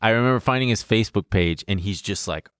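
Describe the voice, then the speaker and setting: Podcast co-host, male, deep-set voice, frank and laughing as he recounts. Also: fast talker, a bit bright, smooth, no echo, clean studio sound. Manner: candid, laughs through his story, swears freely. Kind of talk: casual storytelling chat.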